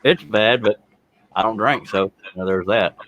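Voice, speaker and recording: A man's voice: on the low side, moderate pace, fairly bright tone, highs cut off. A man hosting a casual livestream panel chat, reading viewer comments and joking about himself with frequent laughter. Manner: joking, laughs often, self-deprecating.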